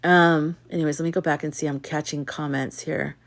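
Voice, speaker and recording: Woman host, lowish voice, casual livestream chat, candid and outspoken storyteller. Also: fairly even intonation, a little fast. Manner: candid storyteller who reads chat comments aloud; outspoken and exasperated in anecdotes. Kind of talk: casual live chat with viewers.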